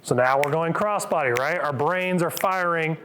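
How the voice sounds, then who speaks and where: A man's voice: fairly high pitch, moderate pace, a bit bright, a little hiss or hum. A middle-aged man, a physical therapist, coaching a live group through exercises with upbeat cues and counts.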